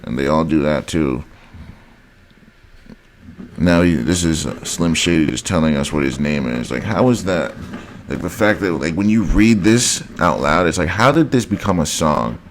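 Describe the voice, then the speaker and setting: A man's voice: a bass voice, expressive, normal speed, a little hiss or hum. A man vlogging a heated, repetitive rant straight to his viewers, often calling them guys. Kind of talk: ranting monologue to camera.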